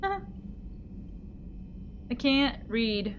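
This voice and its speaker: A woman's voice: medium pitch, slow pace, long pauses, a bit bright, slight background noise. A woman streamer chatting casually with her live chat, giggly and playful as she reads messages aloud.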